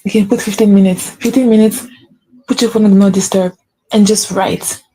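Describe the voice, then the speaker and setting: A woman's voice: medium pitch, steady tone, fairly quick, mellow, slightly rough, rough recording. A woman giving an earnest spiritual pep talk as a faith coach, repeating key phrases for emphasis.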